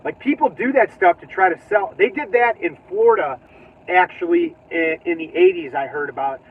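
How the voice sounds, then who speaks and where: A man's voice: sits high, normal speed, breathy edge. A man hosting his own channel, chatting casually and rambling from his car, laughing often and trailing off mid-sentence. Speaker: channel host. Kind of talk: casual driving vlog chat. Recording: tinny phone-like audio.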